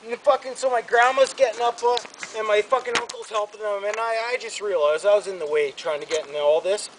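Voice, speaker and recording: A man with a high voice spins a wild, profanity-laced story in an easy, casual way. He keeps piling on the swearing and pushing forward with animated energy. The recording carries a clear layer of background noise. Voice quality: heavy swearing, animated, fast-building rants.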